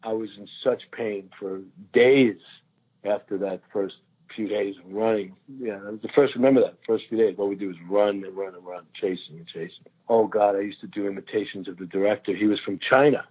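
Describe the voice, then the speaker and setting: A man in his sixties, a guest actor, telling lively anecdotes in a casual chat and laughing often. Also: fairly low pitch, a little fast. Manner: animated storyteller, laughs often. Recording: tinny phone line.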